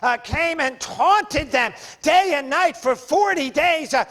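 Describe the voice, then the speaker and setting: A man's voice: extremely high pitch, lively intonation, takes it slowly, a bit bright. A male pastor preaching a sermon in a fervent, emphatic way.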